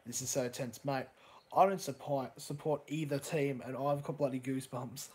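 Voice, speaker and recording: Young man, live stream match reaction, excitable, casual swearing, reads chat aloud, middle pitch, faint background hiss. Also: moderate pace.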